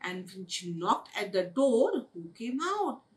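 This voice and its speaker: A woman telling a children's story in an expressive, sing-song way for young listeners in an online session. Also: mid-range voice, slow, far from the mic. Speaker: storyteller at a day care. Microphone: online webinar.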